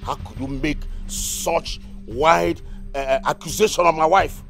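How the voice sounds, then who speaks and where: A stern, gravelly husband. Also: male voice, fairly high pitch, measured pace, faint music behind. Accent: Nigerian. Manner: stern, scolding. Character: stern husband scolding his relative.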